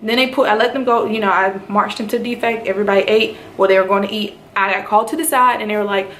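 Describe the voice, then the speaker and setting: A woman from North Carolina, a nurse in officer training, telling her story in a casual vlog. She talks in an animated way and acts out the lines other people said to her. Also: mid-range voice, fast. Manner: animated retelling, acts out quoted speech. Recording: roomy echo, faint background noise.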